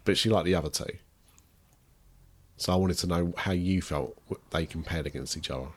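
A man's voice: low-pitched, brisk, husky. A man, a parent casually questioning his child about a book, playful and teasing. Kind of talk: casual chat.

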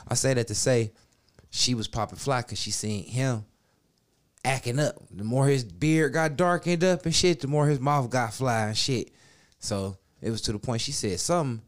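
A man on a casual podcast telling a long profane story, acting out quotes and swinging between loud and soft. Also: medium pitch, normal speed. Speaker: podcast co-host. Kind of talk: casual chat. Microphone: studio mic.

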